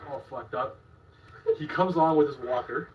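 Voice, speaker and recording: A man's voice: medium pitch, normal speed, slight background noise. A man in casual podcast chat, telling anecdotes in a matter-of-fact way. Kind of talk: casual storytelling. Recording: distant, dull-sounding podcast audio.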